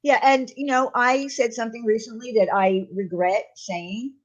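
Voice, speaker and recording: A woman's voice: on the high side, steady tone, moderate pace, muffled recording. A woman hosting a casual live-stream chat, talking earnestly and reflectively, with plenty of ums and you-knows. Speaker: channel host.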